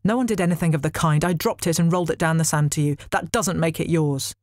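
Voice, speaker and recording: A woman's voice: deep voice, fast talker, a little mellow, dry recording, clean studio sound, close to an everyday voice. A woman voicing a spoiled goddess of love who demands what she wants. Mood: demanding. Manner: demanding, haughty.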